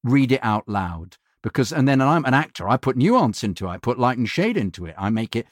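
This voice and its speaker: A man, a voiceover actor, telling animated anecdotes in a casual interview. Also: mid-range voice, fairly quick, dry recording, studio quality. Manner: animated storyteller, mimics other voices in quotes. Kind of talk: anecdotal chat.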